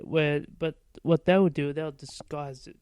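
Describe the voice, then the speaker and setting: Profane rambling podcast host, smooth voice. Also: male voice, fairly high pitch, fairly even intonation, a little slow, darkish tone, dry recording, poor audio. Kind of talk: casual monologue.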